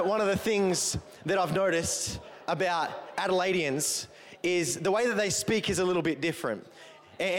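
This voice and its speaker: A male pastor with a country Victorian Australian accent, giving a chatty, joking sermon full of rambling asides. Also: high voice. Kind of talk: humorous sermon. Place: church auditorium. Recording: long echo of a large hall.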